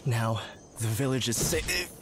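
A man's voice: mid-range voice, lively intonation, a little slow, a loud crowd, close to an everyday voice. An actor playing a solemn male warrior in a video game, speaking in grave, formal lines. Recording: heavily echoing game audio.

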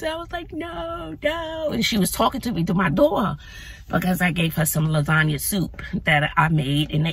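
A woman vlogging casually to her phone from her car, chatty and animated, talking to viewers as y'all. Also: sits low, husky. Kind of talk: casual vlog talk to camera. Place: in or near her car outdoors in sun.

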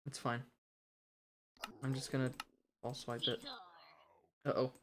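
A man's voice: medium pitch, flat delivery, takes it slowly, crowd noise. A man hosting a game let's play at home late at night, exasperated and muttering to himself as he plays. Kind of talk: gaming commentary. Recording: noisy recording with keyboard clicks.

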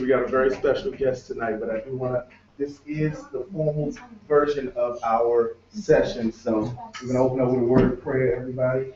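A man's voice: medium pitch, little pitch movement, fairly quick. A man who is a pastor and conference host, leading prayer and calling out to the crowd as he introduces a guest speaker in a conference room turned sanctuary. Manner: rallying, calls out to the crowd. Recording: echoey, distant, dull room sound.

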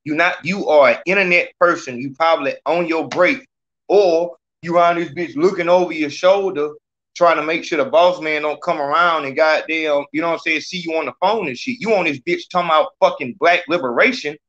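Brief: male podcast host, fiery, profane, bright voice, muffled stream sound. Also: on the high side, fairly quick. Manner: profane, ranting, challenging a chat commenter. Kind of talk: heated call-in podcast talk.

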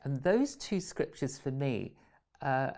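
A man's voice: mid-range voice, sing-song, slow, a little mellow. A man hosting an interview, speaking hesitantly with frequent fillers while sharing and asking questions. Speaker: interview host. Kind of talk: interview chat.

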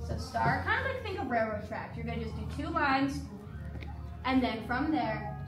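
A woman's voice: on the high side, animated, normal speed. A woman leading a painting class, giving patient, encouraging step-by-step instructions in an indoor event room. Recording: echoey room, from far off, music.

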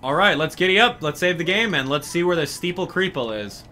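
A man commenting on a video game as he plays, full of sarcastic jokes and asides. His voice is bright and very animated, with big swings in pitch. He sounds casual and amused. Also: fairly quick, a little hiss or hum. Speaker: gaming commentator. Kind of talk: let's play commentary.

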